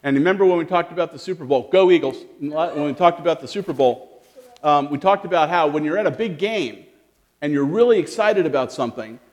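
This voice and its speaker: A man speaking as a pastor, giving a lively children's sermon in a church and asking the children questions. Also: fairly high pitch, fairly quick, in a large hall. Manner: animated, questioning, talks to children. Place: church sanctuary.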